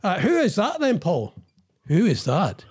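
A man co-hosting a casual chat over a video call, running quiz games and talking haltingly with lots of fillers. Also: sits high, huge pitch swings, a little mellow, breathy edge. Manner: chatty, halting with many fillers. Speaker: co-host.

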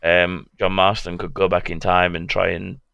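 A man's voice: low-pitched, level tone, moderate pace, gravelly, muffled recording, crowd noise. A man co-hosting a podcast, laid-back and wry, laughing often as he chats. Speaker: podcast co-host. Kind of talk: casual podcast banter.

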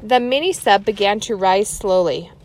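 A woman's voice: mid-range voice, moderate pace, a little mellow. A woman reading a chapter book aloud to children, adding chatty asides to her young listeners.

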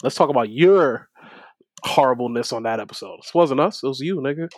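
A man hosting a casual podcast with his friends, animated, often repeating words and talking over the others. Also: mid-range voice, fairly quick, dry recording, clean studio sound. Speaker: podcast host.

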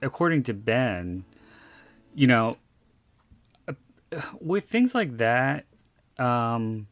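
A man's voice: medium pitch, big pitch swings, extremely slow, a bit bright, no room sound. A man guest in an interview, recalling past events in a rambling way full of restarts and fillers. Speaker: guest recalling a film shoot. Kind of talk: casual interview storytelling.

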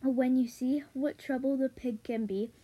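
A woman reading the lines of a patient, loving farmer father in her own plain, halting voice. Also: high-pitched, steady tone, dark tone, slightly rough. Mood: gentle. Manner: plain, halting read-aloud delivery.

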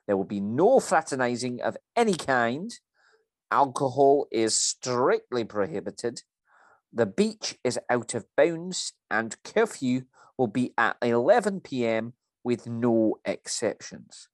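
A man's voice: mid-range voice, very animated, slow pace, dry recording, voice pushed up. A man voicing a strict middle-aged female resort manager with a Scottish accent. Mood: stern. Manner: stern, bossy, sing-song.

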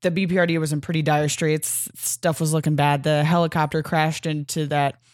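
A woman co-hosting a comics podcast, chatty and giggly, swearing casually in relaxed chat. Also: low-pitched, normal speed, no echo, studio quality. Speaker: podcast co-host.

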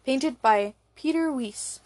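A woman reading the lines of a hoarse, discontented older male forensic chief in an audiobook, with a dry, grumbling manner. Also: high-pitched, slow, a little mellow, dry recording.

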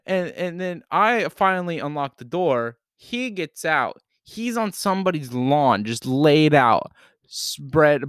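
A young man telling a story in casual chat, profane and animated, shouting when he retells what was said. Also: fairly high pitch, clear, resonant tone, no room sound, clean studio sound.

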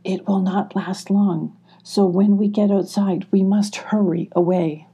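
A woman voicing a timid male sloth in an audiobook, pleading and nervous, then slow and soothing when he charms. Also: mid-range voice, fairly even intonation, dark tone, breathy edge. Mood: urgent. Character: timid male sloth, anxious but clever.

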